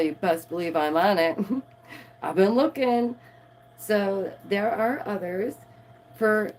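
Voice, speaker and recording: A woman's voice: lowish voice, darkish tone, slight background noise. A woman, live streaming and reading news aloud with playful, sarcastic asides to her viewers. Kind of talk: casual live-stream commentary.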